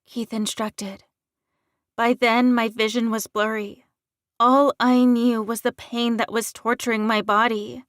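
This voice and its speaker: A woman narrates an audiobook at an unhurried pace. Her reading is measured and careful. The sound is close and dry, with no room around it. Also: on the high side, level tone, dry recording.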